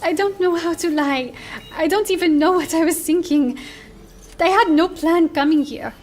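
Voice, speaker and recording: An actress playing a kind, shy young woman who speaks softly and hesitantly in a game cinematic. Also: extremely high pitch, normal speed, slight background noise. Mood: earnest. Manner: soft, hesitant, earnest. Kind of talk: video game cinematic acting.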